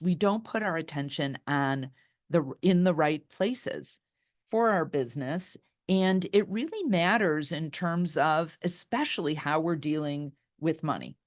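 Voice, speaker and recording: Woman, middle-aged, low-pitched, workshop leader, chatty storytelling, video call. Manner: chatty and personal, reacting to the chat as she goes. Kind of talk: storytelling talk in an online workshop.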